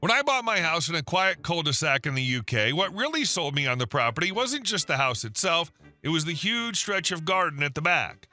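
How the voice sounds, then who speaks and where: A man narrating online stories in a scripted way, with wry deadpan asides. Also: a little high, brisk, few pauses, faint music behind.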